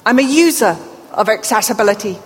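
Brisk and animated, a slightly high female voice delivers a conference keynote amid the long reverb and faint ambience of a large event hall. She's a middle-aged Englishwoman with a British accent and a slight deaf accent who banters playfully with her audience.

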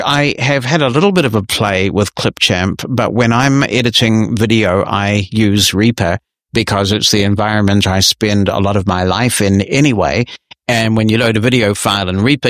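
A man's voice: lowish voice, normal speed, fairly bright tone, no room sound, studio quality. A man hosting a technology podcast, answering listener emails in a conversational, explanatory and lightly wry way. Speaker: podcast host.

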